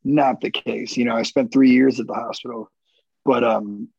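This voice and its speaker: A man's voice: medium pitch, fairly even intonation, moderate pace, creaky, a little mellow, breathy edge, no echo, highs cut off. A young man, a wounded Marine veteran, telling his story in a candid, rambling, profane way as an interview guest.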